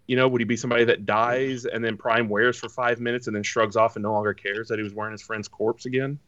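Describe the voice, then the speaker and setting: A man's voice: mid-range voice, little pitch movement, quick pace, fairly bright tone, no room sound, recorded from a distance, highs cut off. A man co-hosting a casual podcast chat, rambling and joking as he sets up the topic. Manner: rambling, joking, mimics other fans. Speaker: podcast co-host.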